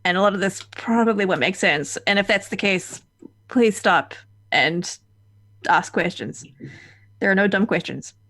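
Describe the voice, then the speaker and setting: A woman's voice: mid-range voice, expressive, fairly bright tone. A woman voicing a composed female investigator in a tabletop game, speaking formally and carefully. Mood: measured. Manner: formal, measured.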